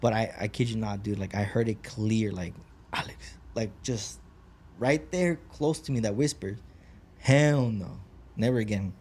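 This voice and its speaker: A man's voice: lowish voice, normal speed, darkish tone, slightly rough. A man co-hosting a podcast, chatting casually and telling a story, peppering it with "like," "bro" and swearing. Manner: swears freely, lots of "like" and "bro". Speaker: podcast co-host.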